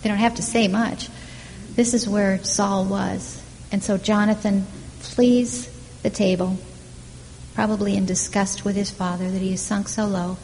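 A woman giving a Bible teaching, retelling the story with lively questions to her listeners. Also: mid-range voice, a little slow. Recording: long hall reverb, faint background noise.

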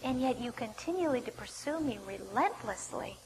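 A woman retelling a pleading young king, high voice. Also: animated, normal speed. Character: young male king pleading his innocence. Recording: long hall reverb, faint background noise.

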